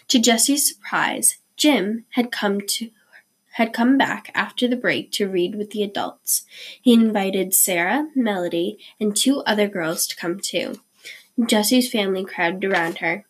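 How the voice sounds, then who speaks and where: A woman reading a children's chapter book aloud in a clear, steady storytelling manner. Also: medium pitch, a little slow. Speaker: reader.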